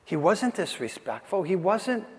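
Higher-voiced pastor preaching in a reverberant hall. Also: male voice, big pitch swings, unhurried, a little mellow. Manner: conversational, emphatic storytelling. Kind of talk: sermon.

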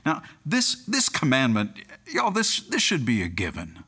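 A man's voice: medium pitch, huge pitch swings, normal speed, sharp tone, breathy edge. A man preaching a sermon, telling humorous anecdotes and chuckling at his own stories. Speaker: pastor.

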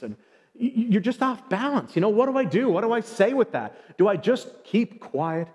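Guy with a high voice giving a sermon, lively, acts out little convos, long reverb. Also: normal speed. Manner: animated, acts out short everyday exchanges.

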